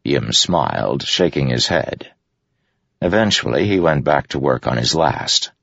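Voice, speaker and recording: A man narrates a story in a very deep, gravelly voice with lively shifts of pitch. His voice is husky. The recording is dry and slightly muffled. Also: dry recording. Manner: measured, steady storytelling. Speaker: audiobook narrator. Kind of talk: scripted narration.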